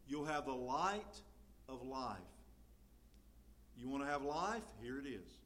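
A man preaching a sermon in a conversational way, full of fillers, getting louder when he quotes scripture. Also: fairly high pitch, expressive, unhurried.

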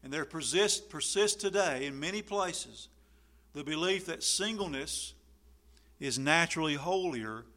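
A man preaching a sermon, lively and animated, acting out the people he quotes. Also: high voice. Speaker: pastor.

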